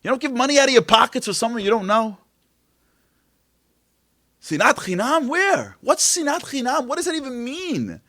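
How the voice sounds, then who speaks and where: A man giving an impassioned inspirational talk at an event, firing rhetorical questions and swinging from loud to hushed. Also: very high voice, expressive, normal speed, long pauses, dry recording, clean studio sound. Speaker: speaker at a Tisha B'Av event. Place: event venue.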